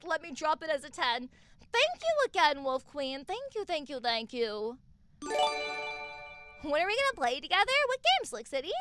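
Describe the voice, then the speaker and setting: A woman streaming live from home on a desk mic, chatting casually, excitable and swearing freely as she gushes thanks at her viewers. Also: sits high, normal speed, music in the background.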